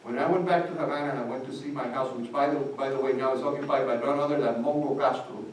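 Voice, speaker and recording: An older Cuban man with a Cuban accent speaks passionately as a seminar panelist, switching into Spanish and voicing the people he quotes. His medium-pitched voice is steady and fast. The mic is distant in an echoey hall, with faint ambience and slight background noise.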